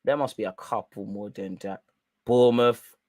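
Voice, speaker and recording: A man's voice: lowish voice, normal speed, a little mellow, no room sound. A young man hosting a live football watch-along, chatting in slang straight to his viewers. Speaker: live stream host.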